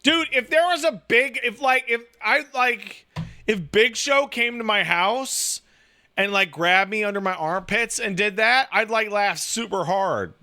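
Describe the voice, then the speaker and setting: A man in loose casual chat, talking in a slightly raised register with a bright, forceful edge. He rambles and swears freely, leaning on "like" as he acts out the voices in his stories. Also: high voice, a little slow. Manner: profane, rambling, animated storytelling with acted-out quotes; filler-heavy, says "like" constantly.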